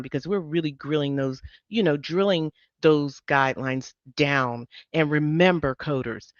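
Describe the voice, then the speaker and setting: A woman's voice: low-pitched, dry recording, lo-fi sound. A woman teaching a live online coding class, upbeat and encouraging, with emphatic bursts. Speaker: medical coding instructor.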